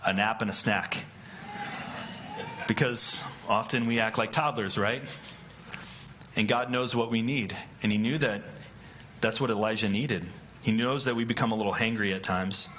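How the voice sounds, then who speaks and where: A man's voice: on the low side, pushed and bright, a little hiss or hum. A male pastor giving a conversational sermon, often checking in with "right?". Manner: conversational, keeps asking "right?".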